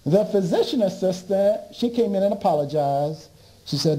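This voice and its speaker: A man's voice: sits high, normal speed, poor audio. A man giving a storytelling talk as a speaker and author, acting out his conversations with doctors and restarting his sentences. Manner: animated, acts out dialogue with doctors.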